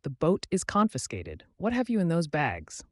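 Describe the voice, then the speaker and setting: A man's voice: fairly high pitch, huge pitch swings, moderate pace, no echo, studio quality. A man voicing a haughty thin male border lieutenant in an audiobook, with stiff, formal phrasing.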